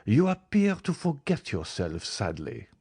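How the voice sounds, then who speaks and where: A man's voice: on the low side, wildly swooping pitch, measured pace, dark tone, breathy edge, heavily acted. A man voicing a proud, frightened older banker with a haughty, indignant way of speaking.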